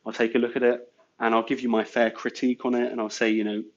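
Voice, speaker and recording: A man's voice: mid-range voice, little pitch movement, fast. Chatty man, dull lo-fi sound. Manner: chatty, filler-heavy with lots of "you know". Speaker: guest business owner. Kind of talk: casual storytelling.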